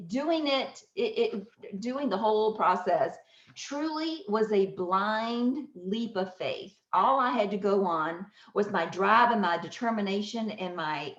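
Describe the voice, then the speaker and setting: A woman's voice: medium pitch, lively intonation, a little slow. A middle-aged woman hosting a podcast, telling a personal story in an emotional, breathless way and often restarting her sentences. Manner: emotional, breathless and self-interrupting. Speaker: podcast host. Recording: echoey, slightly dull recording.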